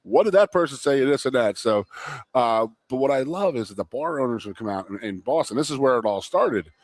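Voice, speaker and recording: A man from the Philadelphia area, co-hosting a live talk show, telling stories in an animated way and laughing easily. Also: medium pitch, fairly quick, dry recording. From Philadelphia area, USA. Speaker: co-host. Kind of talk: casual sports talk show chat. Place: restaurant.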